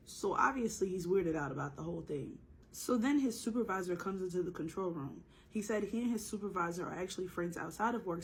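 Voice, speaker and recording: Chatty woman telling a storytime, slightly hoarse. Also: fairly low pitch, a little hiss or hum, poor audio. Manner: chatty, joking asides, slangy, acts out the people in the story. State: sore throat, slightly hoarse. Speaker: storytime narrator. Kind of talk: casual storytime narration.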